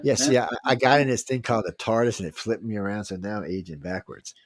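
A man's voice: fairly low pitch, quick pace, dry recording. A man in his fifties hosting a talk radio show, blunt, rowdy and profane, speaking casually. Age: 50s.

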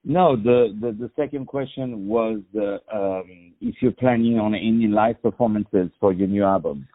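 Low-voiced joking male radio host. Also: moderate pace. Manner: jokey, many fillers. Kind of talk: casual radio interview. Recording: muffled lo-fi recording.

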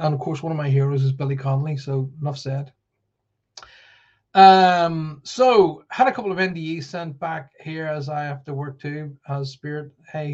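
A man with a somewhat high voice hosts a casual live stream, chatting loosely and rambling between greetings to viewers. His talk wanders, full of asides and restarts. The sound is a little dull and lo-fi. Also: darkish tone. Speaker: livestream host and card reader.

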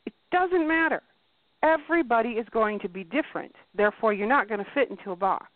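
A woman hosting a casual talk show, blunt and animated, swearing freely and acting out quotes. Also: on the high side, a little fast, no echo. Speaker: podcast host. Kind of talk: casual chat. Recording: tinny phone-like line, dry.

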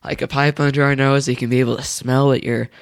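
A man's voice: mid-range voice, level tone, quick pace, clean tone, dry recording, studio quality. A man co-hosting a casual podcast, rambling and hesitant with many restarts. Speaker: podcast co-host.

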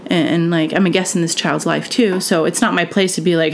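A woman's voice: fairly low pitch, steady tone, a little fast, slight background noise. A woman hosting a podcast, telling a school story in a chatty way, full of fillers, acting out what others said. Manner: chatty, full of "like" and "you know", acts out quoted voices. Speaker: podcast host. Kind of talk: storytelling monologue.

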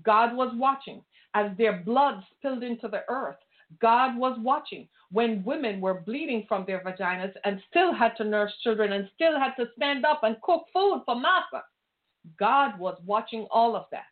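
Woman preacher, fiery sermon, rhetorical questions, higher voice, thin phone-like sound. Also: animated, moderate pace. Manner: impassioned, pointed rhetorical questions. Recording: tinny phone-like line.

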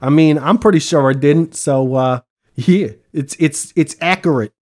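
Rambling deadpan man, slightly high voice. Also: a little slow. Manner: deadpan, rambling, self-deprecating, swears casually. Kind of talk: casual comedic chat.

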